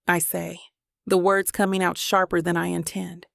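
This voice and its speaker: A woman narrates a first-person romance audiobook in an intimate, reflective tone. Her voice has a gravelly fry, and the recording is dry and close with no room sound. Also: fairly low pitch, level tone, normal speed, no echo.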